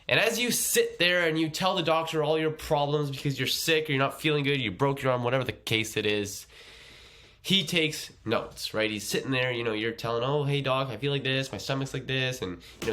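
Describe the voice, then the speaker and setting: A man's voice: mid-range voice, fairly quick, bright, forceful tone. A man running a casual tutorial, chatty and explaining things step by step. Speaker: agency owner teaching a course.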